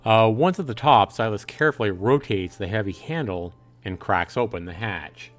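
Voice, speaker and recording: A man's voice: on the low side, moderate pace, faint music behind. A man streaming a visual novel, reading the narration aloud with frequent fillers and self-corrections. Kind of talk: let's-play narration.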